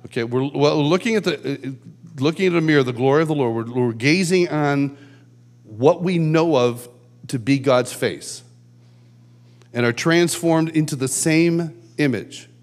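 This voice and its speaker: A man giving a conversational sermon at a conference, telling stories and acting out shouted quotes. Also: on the high side, unhurried. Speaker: conference speaker. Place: large church hall.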